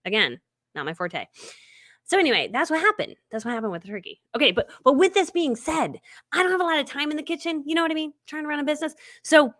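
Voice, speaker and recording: Speaking fast in a high, very animated, slightly bright voice, this middle-aged live-stream host tells stories chattily. Laughter comes often, and she performs other people's lines as she goes.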